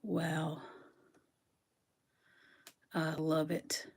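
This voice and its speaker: A woman's voice: low voice, monotone, very slow, darkish tone, husky. Woman streamer, sniffly, chatty, talking to her phone in her bedroom. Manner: chatty, talks back to viewers by name. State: sniffling from sneezing. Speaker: live-stream host unboxing rocks. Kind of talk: casual live-stream chat with viewers. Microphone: phone on a stand.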